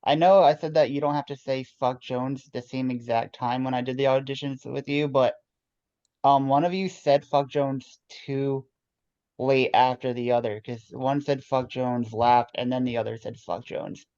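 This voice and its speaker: A man's voice: medium pitch, fairly even intonation, moderate pace, darkish tone, clear, resonant tone, dry recording. A man directing a rehearsal, giving notes to actors in a rambling way with many restarts. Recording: dull dry lo-fi sound.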